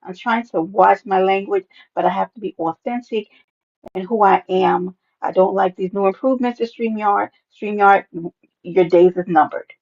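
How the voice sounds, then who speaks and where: Sassy gravelly woman live-streaming, drawl. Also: normal speed. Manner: animated, sassy, swings into high playful greetings. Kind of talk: casual live-stream chat greeting viewers. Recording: dull lo-fi stream audio.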